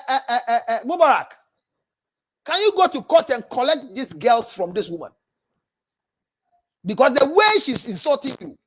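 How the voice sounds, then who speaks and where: A Ghanaian-accented man, a counselor hosting a livestream, reads viewer messages aloud while animatedly scolding. His voice is very high and a bit bright.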